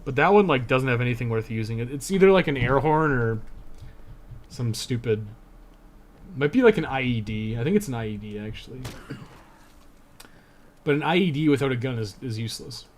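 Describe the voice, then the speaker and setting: A man's voice: medium pitch, animated, brisk, long pauses, slight background noise. A young man giving casual live-stream commentary over his speedrun at home, thinking aloud with lots of fillers. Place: home room.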